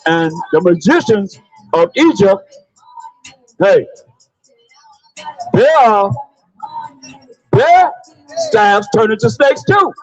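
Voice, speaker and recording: A man preaching loudly outdoors on a city sidewalk, calling out verses for a reader to read. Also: sits high, very animated, extremely slow, long pauses, no echo, muffled recording, faint music behind. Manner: loud, preachy, calls on a reader and repeats the verses. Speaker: street preacher. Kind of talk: open-air street preaching.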